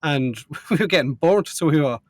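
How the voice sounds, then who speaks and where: A man's voice: a little high, animated. A man with an Irish accent telling stories and joking in a casual podcast chat among friends. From Ireland. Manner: storytelling, joking, quick asides. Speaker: podcast co-host.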